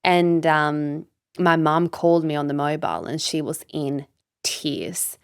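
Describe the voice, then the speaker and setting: Low-voiced woman, candid and emphatic. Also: a little slow, creaky, smooth, dry recording, clean studio sound. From Sweden. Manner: candid and emphatic, swears freely, many "like" and "you know" fillers. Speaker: guest, business coach. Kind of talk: casual podcast interview.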